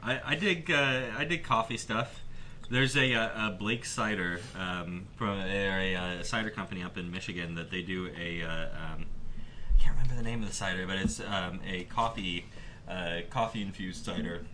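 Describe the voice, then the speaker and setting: A man in his thirties chatting casually on a podcast, pausing often with fillers and restarting his sentences. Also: sits low, pushed and bright, a little hiss or hum. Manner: halting, many fillers and restarts. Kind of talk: casual chat.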